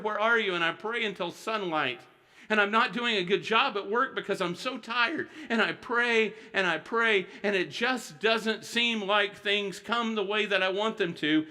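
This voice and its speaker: Bright-voiced earnest man preaching a sermon. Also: high-pitched. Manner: earnest, questions the congregation and quotes scripture with slow emphasis. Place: church sanctuary.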